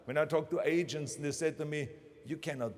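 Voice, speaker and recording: In a large ceremony venue, a German-accented man in his sixties delivers an emphatic, motivational commencement speech, hammering his points home through repeated phrases. His voice is on the high side with fairly even intonation and a quick pace, and the sound carries a big-room quality.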